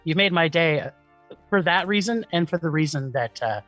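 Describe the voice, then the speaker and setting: Eager podcast host with a higher voice. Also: male voice, animated, moderate pace, fairly bright tone, faint music behind. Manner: eager, joking and chatty. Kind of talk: casual interview chat.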